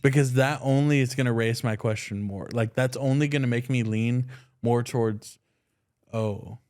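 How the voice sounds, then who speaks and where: A man's voice: medium pitch, normal speed. Young man telling a wild story. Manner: loose, swearing, excitable storytelling. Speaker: podcast co-host. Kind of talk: casual chat.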